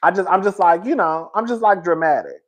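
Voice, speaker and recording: Brief: male streamer, lively pitch, loud over-the-top delivery, laughs a lot, casual slang. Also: fairly quick. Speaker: livestream host. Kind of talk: casual live-stream chat.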